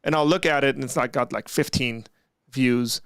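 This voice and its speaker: Curious chatty host guy, laughs a lot, smooth crisp voice. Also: medium pitch, moderate pace, no room sound, studio quality. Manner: excitable, curious, laughs often. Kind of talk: casual chat.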